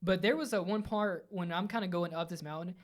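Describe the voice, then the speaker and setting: Medium-pitched voice, casual podcast co-host, rambling story, restarts mid-sentence. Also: brisk. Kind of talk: casual chat.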